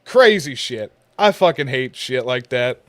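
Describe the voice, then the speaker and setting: A man's voice: mid-range voice, expressive, a little slow, fairly bright tone, dry recording. A man telling a long profane story in casual podcast chat, rambling and crude. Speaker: co-host.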